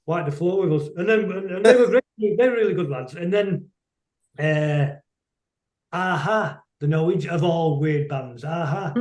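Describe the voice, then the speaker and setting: A middle-aged man, a musician telling rambling, anecdotal stories as a guest on a video call, quick to laugh. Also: fairly high pitch, darkish tone, reverberant. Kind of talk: casual storytelling interview.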